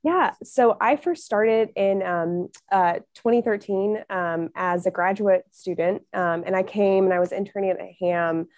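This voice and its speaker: A woman's voice: medium pitch, a little slow, hardly any pauses, a little mellow, no room sound. A woman in her thirties, a museum curator, explaining her work on a video call with frequent hesitant ums. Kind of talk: casual explaining.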